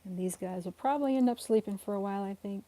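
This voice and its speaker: This young woman talks fast in a warm tone while streaming live from home as her rescue cats play. Chatty and giggly, she laughs frequently and switches to a high, coaxing voice to coo at the cats on her cat rescue stream.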